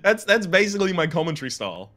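Guy with a higher voice ribbing his buddy over a game, bouncy and sweary. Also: big pitch swings, fast, fairly bright tone, soft background music. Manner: teasing, dry, swears casually. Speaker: guest co-player. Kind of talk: casual gaming banter.

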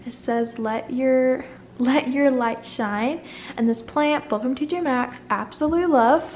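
A woman's voice: high voice, a little slow, darkish tone, a little hiss or hum. Bubbly young woman touring her apartment. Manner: chatty and bubbly, rambling asides. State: slightly out of breath. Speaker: vlogger. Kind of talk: casual apartment tour. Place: small apartment indoors.

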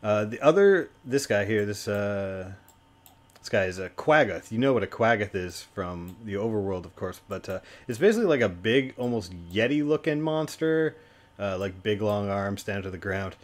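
A man's voice: lowish voice, animated, normal speed. A man narrating a tabletop role-playing game as dungeon master, rambling along with lots of fillers.

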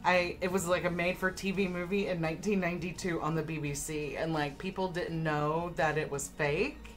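Woman player at a game table; chatty, filler-heavy storyteller, low register. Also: fairly even intonation, normal speed, a little hiss or hum. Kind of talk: casual chat.

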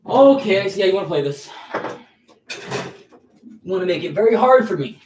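A man's voice: high voice, animated, fairly quick, noisy background. A man streaming live, chatting casually with his viewers. He is laid-back and slangy, calls everyone bro and dude, and turns nervous and coaxing while he handles a big snake.

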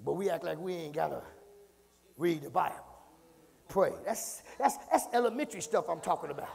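A man preaching an impassioned sermon, swinging from low murmurs to shouts, repeating phrases and calling out to the congregation. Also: animated, normal speed, creaky, slightly rough. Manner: call-and-response, repeats phrases. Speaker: pastor. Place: church sanctuary. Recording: reverberant church hall.

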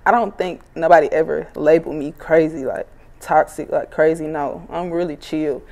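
A woman's voice: low voice, fairly even intonation, normal speed, creaky, a little mellow. A woman of twenty-five, a rapper, chatting casually and bluntly in an interview, swearing freely and laughing as she tells stories. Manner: blunt, profane, laughs while telling stories.

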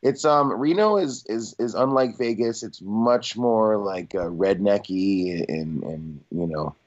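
A man's voice: lowish voice, measured pace, dull audio. A man chatting on a comedy podcast, rambling and laughing as he tells a story. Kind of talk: casual comedy chat.

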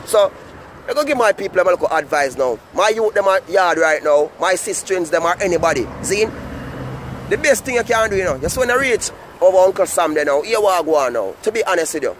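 Fast-talking Jamaican man, high voice. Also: lively intonation, a bit bright, a little hiss or hum. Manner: rambling, fast patois talk with repeated "you know what I mean". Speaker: vlogger. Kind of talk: casual vlog monologue.

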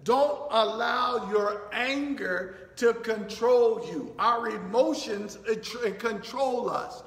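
A man preaches slowly in a high voice, working through scripture verse by verse and dropping in "thank you, Lord" between points. His words ring out in a church hall with a long echo. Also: a bit bright. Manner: teaching verse by verse, many fillers, says "thank you, Lord". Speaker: pastor. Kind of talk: sermon. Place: church sanctuary.

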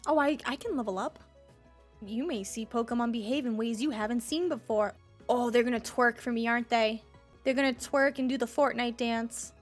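A woman giving excitable let's-play commentary, squealing over cute creatures and cracking silly jokes. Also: on the high side, moderate pace, faint music behind. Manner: silly joking asides. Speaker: gaming streamer.

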